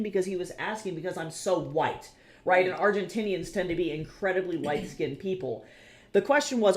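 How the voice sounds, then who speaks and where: An American woman streamer chats casually while drawing, rambling, swearing, and telling animated stories. Her voice is fairly low and a little fast.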